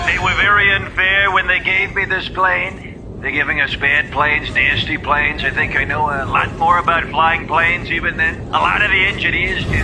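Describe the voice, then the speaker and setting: Brief: man doing a bragging, self-pitying president-pilot, slightly high voice, heavy engine noise behind. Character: boastful clueless older male president flying a plane. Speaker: impressionist in a political ad.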